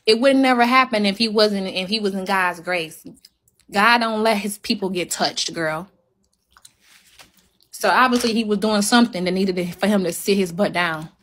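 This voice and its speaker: A woman's voice: mid-range voice, normal speed, fairly bright tone. A woman ranting heatedly on a phone livestream to her viewers, emphatic and repeating her points.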